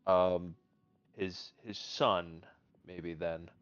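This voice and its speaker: A man's voice: low voice, steady tone, very slow, fairly bright tone, smooth, no echo, lo-fi sound. A man playing his character in a tabletop role-play game, hesitant and polite, with many ums. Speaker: player.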